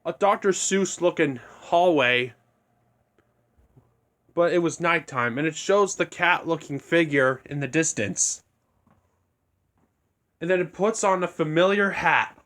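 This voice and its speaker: A young man with a fairly high voice, rambling through a fan scenario in a loose, unscripted way. He restarts sentences often and keeps a casual tone. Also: unhurried, long pauses, fairly bright tone. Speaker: video creator.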